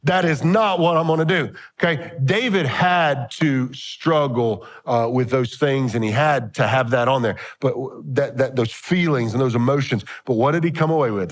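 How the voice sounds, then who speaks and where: A man's voice: mid-range voice, normal speed. A man preaching a sermon as pastor, reading old scripture aloud and breaking into joking asides.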